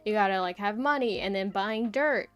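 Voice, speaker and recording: A woman's voice: mid-range voice, moderate pace, clean tone, faint music behind. A young woman streamer chatting casually, rambling through a story with lots of "like" and "right?".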